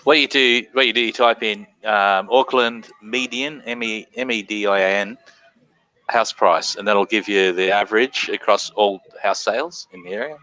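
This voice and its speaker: Bright-voiced Australian man hosting a stream. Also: on the low side, normal speed, poor audio. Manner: rambling, reads chat names aloud, swears freely. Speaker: live stream host. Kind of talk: casual live stream chat.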